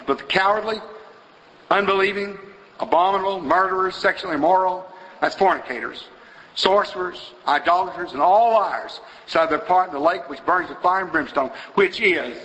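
A man's voice: high voice, bright, forceful tone. A man preaching a sermon in church, emphatic and full of rhetorical questions to the congregation. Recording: echoey church hall.

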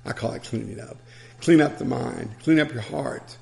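Older male preacher, gravelly voice. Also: medium pitch, normal speed, darkish tone. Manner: conversational, asides and self-laughter. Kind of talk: sermon.

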